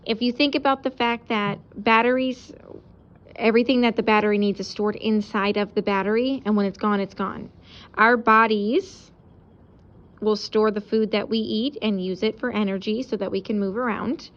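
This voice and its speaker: A woman teacher giving a casual recorded lesson, explaining out loud while she sketches examples. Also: mid-range voice, fairly even intonation, moderate pace, muffled recording.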